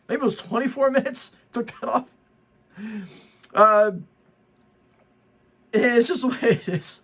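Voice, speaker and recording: A sharp, very high-pitched voice belongs to a middle-aged vlog host. In ranting social media commentary, he preaches indignantly about people lying for likes while throwing in jokey asides.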